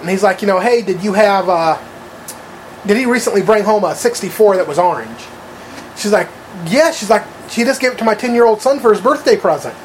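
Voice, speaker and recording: A man's voice: high voice, lively intonation, fairly quick, a little hiss or hum. A man telling a long story in casual chat, rambling with lots of fillers and swearing. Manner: rambling, profane, full of fillers.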